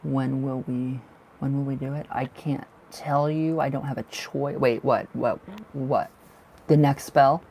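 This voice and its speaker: A man's voice: medium pitch, fairly even intonation, a little slow, vocal fry, a little mellow, breathy edge. A man giving a casual live tarot reading, talking loosely and repeating himself as he goes. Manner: casual, rambling, repeats words. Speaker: tarot reader.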